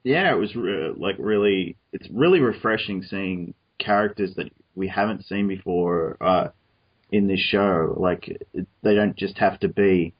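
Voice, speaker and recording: Rambling Australian man, husky low voice. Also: unhurried, dull audio. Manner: rambling, many restarts and fillers. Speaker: podcast host. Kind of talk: casual discussion over an online call.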